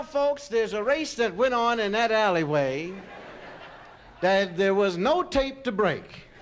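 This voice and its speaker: A man from Philadelphia telling a long comic story on stage, in a chatty, animated way full of "you know" and "man". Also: very high-pitched, a little hiss or hum. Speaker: comedian. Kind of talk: stand-up storytelling.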